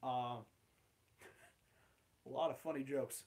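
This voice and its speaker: A man's voice: mid-range voice, steady tone, slow pace, darkish tone. A young man casually telling an awkward personal story, rambling and swearing, with lots of fillers. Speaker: channel host.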